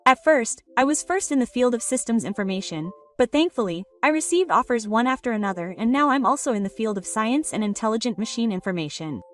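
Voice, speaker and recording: A woman reads a story aloud in a plain, even storybook voice. Her voice sits a little high and a little distant, with soft background music beneath it. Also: brisk, hardly any pauses. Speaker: narrator. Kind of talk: scripted story narration.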